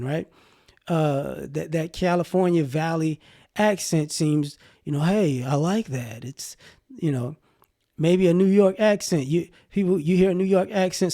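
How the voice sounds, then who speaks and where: Southern guy vlogging his thoughts, lots of "you know", gravelly fry in his voice. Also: on the high side, warm tone. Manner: rambling, conversational, many fillers. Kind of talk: casual opinion monologue.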